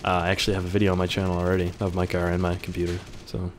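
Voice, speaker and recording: Low-voiced young man reading viewer questions. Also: completely flat delivery, racing, a little hiss or hum. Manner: joking, offhand, swears casually. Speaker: YouTuber answering viewer questions. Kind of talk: casual Q&A, reading questions aloud.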